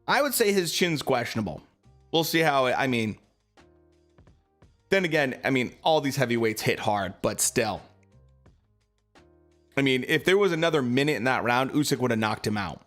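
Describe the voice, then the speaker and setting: A man's voice: mid-range voice, a bit bright. A man streaming live, chatting casually about boxing and answering his viewers, with lots of fillers.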